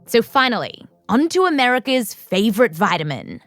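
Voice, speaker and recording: Over soft music, this Australian science podcast host reads her scripted narration and conducts interviews with a playful, joking manner. Her voice sits on the high side with big pitch swings, a moderate pace and a fairly bright tone.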